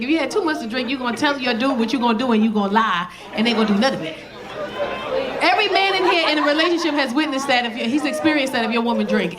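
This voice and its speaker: A woman in her forties performing a loud, animated stand-up set with crowd work, telling stories to a live audience. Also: high-pitched, noisy background. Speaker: stand-up comedian. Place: comedy club stage with live audience. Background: audience laughter.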